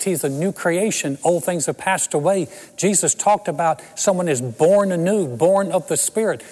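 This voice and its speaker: Man in his 60s, pastor with a somewhat high voice, preaching through funny personal stories, echoing in a large hall. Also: a little mellow. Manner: storytelling with self-deprecating humor. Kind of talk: sermon.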